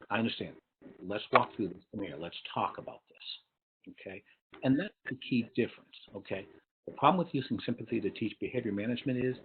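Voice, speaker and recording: A man's voice: lowish voice, a little hiss or hum. A man presenting a webinar lecture for teachers and parents, explaining step by step and often checking in with "okay?". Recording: tinny phone-like online webinar audio.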